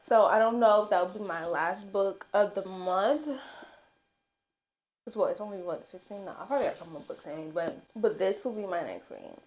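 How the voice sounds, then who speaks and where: A young woman chatting through a casual book review vlog, addressing her viewers directly. She talks with excitable, gushing energy and a middle-pitched voice. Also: a little hiss or hum. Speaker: book vlogger.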